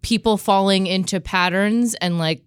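Female podcast co-host, expressive swearing storyteller, dry close mic. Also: medium pitch, moderate pace, smooth, dry recording. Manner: swears freely, animated storytelling. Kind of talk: casual chat.

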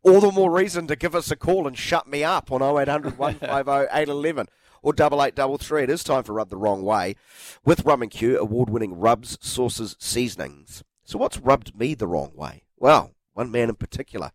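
A man with a New Zealand accent hosting a sports radio show, sounding nasal and blocked up from a cold, animated and teasing. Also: mid-range voice, moderate pace, no echo. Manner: animated, teasing, self-mocking. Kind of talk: casual sports radio chat. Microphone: studio microphone.

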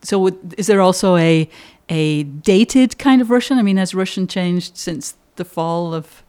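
An interviewer who asks curious, long, rambling questions in a relaxed conversation. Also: mid-range voice, unhurried, clear, resonant tone.

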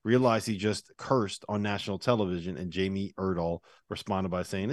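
A man hosting a casual sports talk show, with a brisk and wry way of talking. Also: low voice, fairly even intonation, no echo, clean studio sound. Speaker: podcast host. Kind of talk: casual sports chat and read ad.

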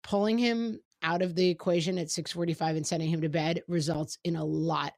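A middle-aged woman chatting frankly about parenting, quoting her kids in quick asides. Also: on the low side, steady tone, gravelly, darkish tone, no echo, clean studio sound. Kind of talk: casual chat about parenting.

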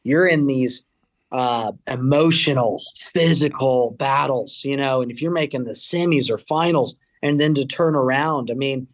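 A man's voice: mid-range voice, a little slow. A man, a college tennis coach, answering interview questions in a rambling way with many fillers and restarts. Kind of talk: casual interview.

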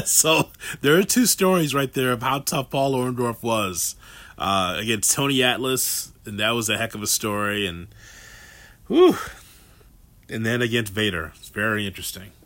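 A man's voice: medium pitch, normal speed, a bit bright. A man hosting a show, introducing clips in a conversational way. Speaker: show host. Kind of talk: casual commentary.

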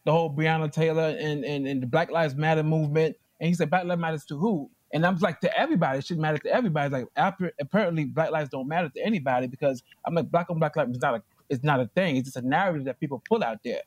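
A man giving courtroom testimony as plaintiff, telling his story in an animated way and acting out what others said. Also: fairly high pitch, fast talker, few pauses, no room sound.

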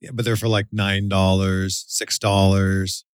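A man's voice: low-pitched, flat delivery, measured pace, smooth, no room sound, clean studio sound. Easygoing man asking questions. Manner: curious, easygoing, laughs along. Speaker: interview host. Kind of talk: casual interview questions.

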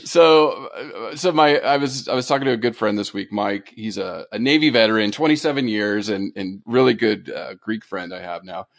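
A man co-hosting a casual animal podcast, telling stories with animated delivery and frequent laughter. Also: lowish voice, moderate pace, gravelly, few pauses, no echo. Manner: animated storytelling, laughs often. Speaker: podcast co-host. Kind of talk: casual chat.

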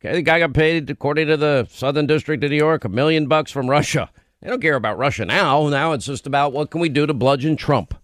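A combative man hosting a talk radio show, his voice pitched high for a man. He talks with biting sarcasm and rattles off lists of accusations. The sound is dry and close, with no room around it. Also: fast, fairly bright tone, dry recording. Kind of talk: opinionated radio talk monologue.

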